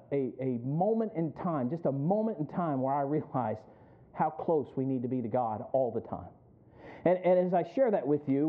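Middle-aged pastor guy preaching, tells stories then gets loud, tinny like a phone line. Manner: storytelling that builds to loud, high preaching. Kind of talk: sermon.

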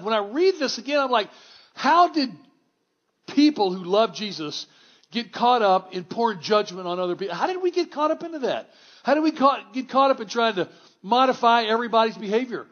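A man preaching a sermon to a congregation in a church, conversational and wry, swinging from hushed to exclamatory. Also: extremely high pitch, expressive, brisk, dull audio. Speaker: pastor.

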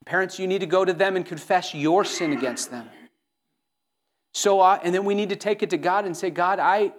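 Earnest higher-voiced male pastor preaching. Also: brisk. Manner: earnest, pleading, with many restarts. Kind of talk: sermon.

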